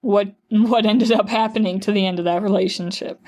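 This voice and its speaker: A woman's voice: mid-range voice, steady tone, moderate pace, darkish tone. A young adult woman, a podcast guest, telling her story in a casual chatty way, peppering it with "like" and acting out what others said. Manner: chatty, fills speech with "like", acts out quotes.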